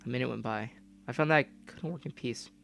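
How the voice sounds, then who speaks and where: A young man reading a game story aloud and breaking off into profane, loud comments. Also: medium pitch, quick pace, gravelly, soft background music. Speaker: gamer reading a visual novel aloud.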